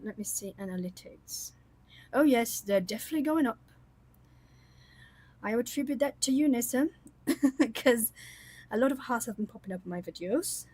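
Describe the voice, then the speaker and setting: A woman host chatting casually with her viewers on a livestream, rambling warmly with many fillers and little laughs. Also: on the high side, expressive, normal speed, long pauses, husky, dry recording. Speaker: coloring channel host.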